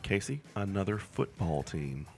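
A man's voice: sits low, big pitch swings, unhurried, vocal fry, a little mellow, soft background music. A man leading a word game among friends, calling on each player in turn, in casual chat. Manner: calls on players in turn for words. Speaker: game leader.

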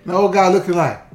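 A co-host telling stories in a casual chat, animated and stammering through restarts. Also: mid-range voice. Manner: animated, acts out quoted voices, stammering restarts. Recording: roomy echoey room.

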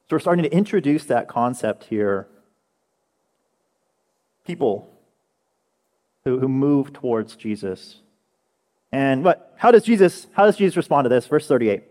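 Animated young preacher in an echoey hall. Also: male voice, mid-range voice, unhurried, long pauses. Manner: conversational preaching, animated storytelling. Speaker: pastor. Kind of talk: sermon. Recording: echoey hall with long reverb.

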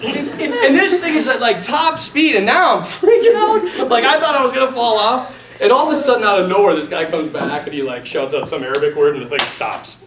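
Animated priest telling a story in a roomy hall. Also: male voice, extremely high pitch, a little fast, background noise. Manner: animated, laughs often, acts out quotes. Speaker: Catholic priest speaking to a group. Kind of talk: casual talk with a story. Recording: roomy hall, distant mic.

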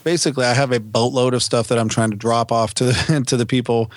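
Animated laughing man telling a story. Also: mid-range voice, fast, dry recording. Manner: animated, laughs often, acts out family members' lines. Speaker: podcast co-host. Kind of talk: casual storytelling.

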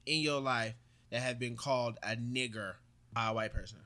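A man's voice: medium pitch, fairly even intonation, normal speed, bright, forceful tone. A young man co-hosting a casual podcast chat, provocative and joking, laughing often. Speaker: podcast co-host.

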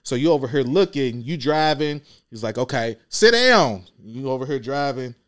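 Bus driver guest: mid-range male voice, plain-spoken, animated when acting out his route, dry recording. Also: mid-range voice, no echo. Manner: animated, acts out scenes with quick voiced asides. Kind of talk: casual podcast chat. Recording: dry close mic.

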